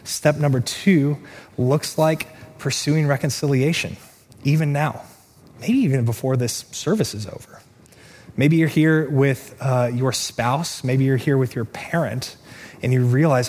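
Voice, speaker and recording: A pastor delivering an earnest sermon, moving between quick asides and slow, stressed lines. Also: male voice, mid-range voice, a little mellow, slightly rough. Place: church sanctuary. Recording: reverberant hall, faint room noise.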